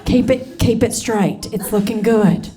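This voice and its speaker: This clip comes from a live comedy show, complete with audience laughter: a woman in her forties, brassy and talkative, addresses the crowd as honey and y'all. She speaks a little slowly, with a fairly high pitch and a dark tone.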